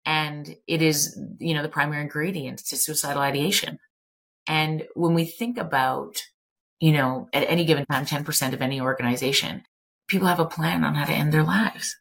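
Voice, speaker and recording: A woman's voice: low-pitched, brisk, creaky, fairly bright tone. A middle-aged woman, a clinical psychologist talking candidly as an interview guest, emphatic and blunt, swearing casually.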